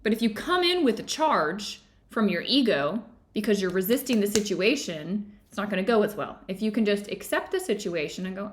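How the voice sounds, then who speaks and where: A woman's voice: mid-range voice, sing-song, brisk. A woman hosting an online book club from her home office, talking casually and animatedly and laughing often.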